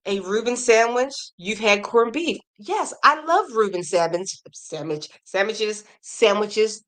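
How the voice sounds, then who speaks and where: A woman hosting a casual crochet livestream, chatting and reading viewer comments aloud with animated reactions. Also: on the high side.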